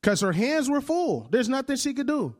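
A man's voice: very high-pitched, big pitch swings, normal speed. A male preacher in his thirties giving a conversational sermon, often checking in with "right?" and laughing along with the congregation.

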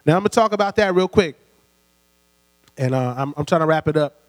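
A man's voice: on the high side, animated, brisk. A man preaching a sermon in a church hall, talking conversationally, laughing lightly between points and prompting the congregation to answer back. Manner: call-and-response, prompting the congregation. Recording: long hall reverb with mains hum.

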